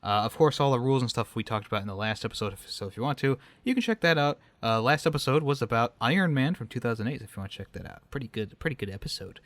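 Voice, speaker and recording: A man hosts a casual movie podcast in an easygoing, rambling way. His voice sits at a middle pitch and sounds close and dry, with no room around it. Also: animated, quick pace, few pauses, fairly bright tone, dry recording. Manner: chatty, loose, self-correcting. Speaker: podcast host.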